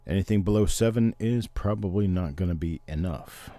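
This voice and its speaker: A middle-aged man hosts a casual livestream, explaining things to viewers in an easy, chatty way. His voice sits very low and sounds mellow and dark. The sound is dry and close, with no room echo. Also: normal speed. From Missouri, Oklahoma and Memphis, Tennessee. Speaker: livestream host.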